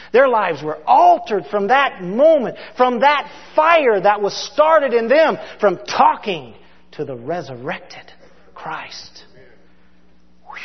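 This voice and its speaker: A man preaching a sermon with passion, his delivery swinging from loud outbursts to hushed, quiet lines. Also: high-pitched. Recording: dull, reverberant hall sound.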